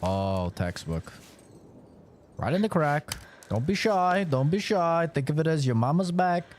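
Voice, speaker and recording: A young man with a voice on the high side streams a game in an unhurried way, with slight background noise. Tired after a long session, he keeps up live gaming commentary, talking to himself, swearing and erupting in excited bursts.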